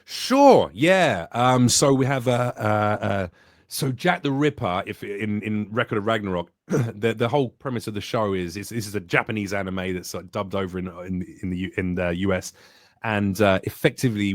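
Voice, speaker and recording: A man in a casual podcast chat as an actor and voice-actor guest. He talks in an animated, expressive, jokey way. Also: on the low side, normal speed, no room sound, studio quality.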